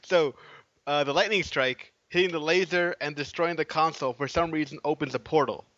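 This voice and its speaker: A man with a somewhat high, bright and forceful voice co-hosts a podcast, recapping plots in a halting, rambling manner. The recording is dry with a slightly dull, lo-fi tone. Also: dry recording. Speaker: podcast co-host. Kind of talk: casual chat.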